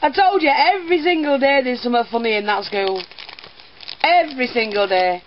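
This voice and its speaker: A woman's voice: high-pitched, lively intonation, fairly quick, lo-fi sound, a little hiss or hum. Giggly older woman. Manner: chatty, keeps breaking into giggles. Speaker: teacher and crafter. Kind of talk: casual craft unboxing vlog.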